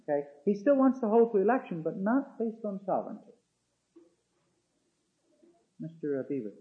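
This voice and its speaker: High-voiced man lecturing in a lo-fi recording. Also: very animated. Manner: halting, with fillers and restarts, then emphatic reading. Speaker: theology lecturer. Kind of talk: classroom lecture reading quotations aloud. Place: classroom. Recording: dull lo-fi classroom recording.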